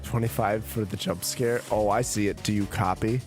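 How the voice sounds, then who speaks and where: A man's voice: lowish voice, steady tone, moderate pace, faint music behind. A drunk man streaming a game, rambling, swearing and chatting with his viewers. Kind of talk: casual live-stream chat.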